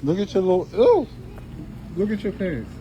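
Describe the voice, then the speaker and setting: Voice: medium pitch, sing-song, moderate pace, lo-fi sound, noisy background. A person filming on a phone inside a store, teasing and laughing while telling a shopper what to do. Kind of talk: filmed confrontation. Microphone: phone camera held by the speaker.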